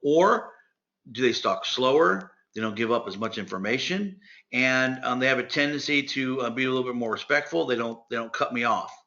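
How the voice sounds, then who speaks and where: A man leads a sales training session, talking straight to his listeners as friends. His voice is bright and forceful, and his delivery is direct and full of energy. The recording is dull and lo-fi. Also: mid-range voice, moderate pace. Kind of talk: instructional talk.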